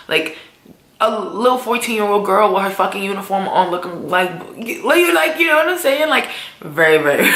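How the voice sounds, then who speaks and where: A young woman telling a casual storytime vlog, slangy and animated, often jumping into high voices to act out what people said. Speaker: vlogger. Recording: echoey room.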